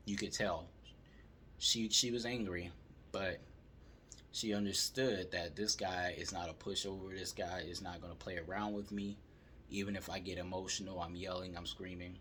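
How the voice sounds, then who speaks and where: A man calmly telling a story as he gives dating advice to male viewers. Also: deep voice, normal speed, a little hiss or hum. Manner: calm, steady storytelling.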